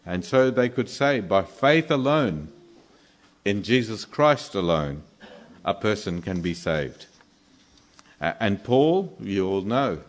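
A man preaches from the pulpit in a fairly low voice. His sermon has an earnest, storytelling feel. He pauses on small fillers as he explains a scripture passage. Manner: earnest storytelling preacher who briefly acts out the quoted speakers.

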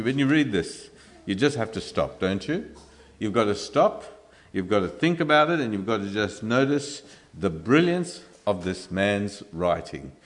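A man preaching a sermon in an earnest way, often stumbling and restarting with filler sounds. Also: medium pitch.

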